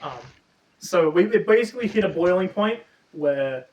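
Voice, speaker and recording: A man co-hosting a casual book review chat, retelling the plot with lots of swearing and animated energy. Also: high voice, moderate pace, muffled recording, a little hiss or hum. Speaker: podcast co-host. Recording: roomy, distant mic.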